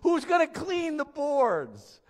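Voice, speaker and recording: A jolly, loving nun teacher, as a male preacher puts her on, coaxing a shy pupil in a gentle voice. The voice sits high and swings widely. It rings with the long echo of a church hall. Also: huge pitch swings, slow pace, heavily acted. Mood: loving, encouraging.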